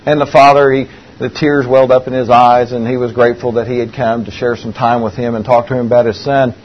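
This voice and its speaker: A man's voice: medium pitch, level tone, fast talker. A man preaching a sermon, telling a story in an earnest way and repeating key phrases. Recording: dull lo-fi recording.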